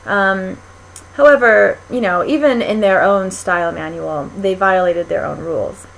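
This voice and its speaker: A woman's voice: medium pitch, unhurried, creaky, rough recording. An American woman giving a lecture, explaining things step by step with frequent ums and small restarts. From United States. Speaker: linguistics lecturer.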